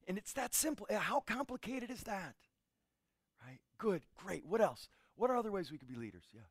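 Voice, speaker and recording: A man's voice: high-pitched, moderate pace, husky, no echo, clean studio sound. A man preaching and teaching a group, asking questions and telling stories from his own life. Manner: animated, asks the audience questions, tells stories. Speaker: pastor. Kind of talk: interactive sermon teaching.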